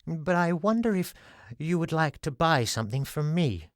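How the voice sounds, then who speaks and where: A man's voice: a little high, animated, moderate pace, dry recording, studio quality, pitched above the performer's own voice, natural voice. A man voicing a short, bald, friendly little inventor who talks politely and hesitantly.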